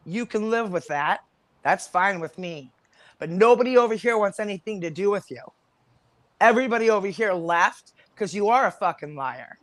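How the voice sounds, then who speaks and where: A woman's voice: mid-range voice, a bit bright, dry recording. A woman on a livestream panel, delivering an angry, confrontational rant full of swearing.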